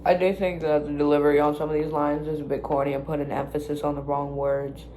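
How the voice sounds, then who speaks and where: A woman's voice: sits low, little pitch movement, quick pace, warm tone, slight background noise. A woman casually reacting to her own songs, blunt, self-critical and swearing freely. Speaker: musician reacting to own album. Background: own music playing clearly.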